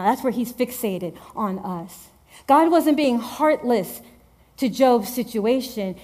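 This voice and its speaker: A woman delivers a sermon in a lively, emphatic and conversational way. Her voice sits a little high, and she drives home her points by repeating phrases. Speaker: preacher.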